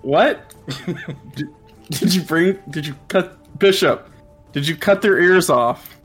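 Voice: mid-range voice, slow, a bit bright, slightly rough, soft background music. Gm doing a flustered boss guy, stammers, buried in paperwork. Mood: startled. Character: frazzled male office boss. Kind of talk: tabletop role-play, improvised.

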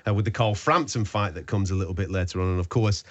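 A man's voice: sits low, fast, muffled recording. A man hosting a live boxing radio show, chatting and joking with his co-hosts. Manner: chatty, jokey, bantering with co-hosts. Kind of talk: live sports radio talk.

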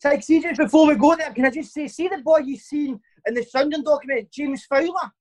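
A man's voice: very high-pitched, a little fast, rough recording. A man with a Glaswegian Scottish accent hosting a podcast, cheeky and teasing, telling sweary stories. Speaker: podcast host, ex-footballer. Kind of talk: casual chat.

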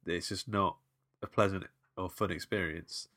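Guy, lowish voice, easygoing podcast co-host, dry close mic. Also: steady tone, normal speed, bright, forceful tone, no echo. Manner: laid-back, hesitant, lots of fillers. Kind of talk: casual film review chat.

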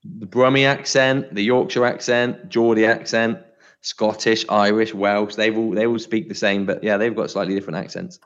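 A man's voice: on the low side, steady tone, normal speed, fairly bright tone, highs cut off. A man co-hosting a podcast, chatting casually and explaining things with plenty of filler words. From United Kingdom. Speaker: podcast co-host.

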